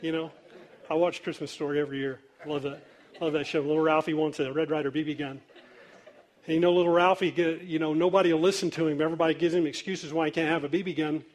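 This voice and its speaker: A pastor preaches a sermon by telling stories loosely and conversationally, laughing easily along the way. His voice is on the high side, with a steady tone and quick pace.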